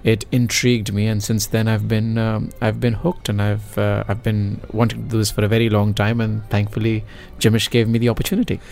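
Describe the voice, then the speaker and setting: Earnest actor, gravelly low voice. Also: male voice, little pitch movement, brisk, few pauses, darkish tone. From Pakistan. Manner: earnest, emphatic repetition. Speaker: stage actor. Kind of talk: radio interview.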